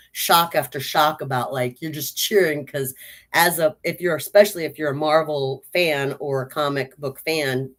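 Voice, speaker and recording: A woman giving a casual spoken movie review, chatty and enthusiastic, with lots of "like" and "um". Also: low voice.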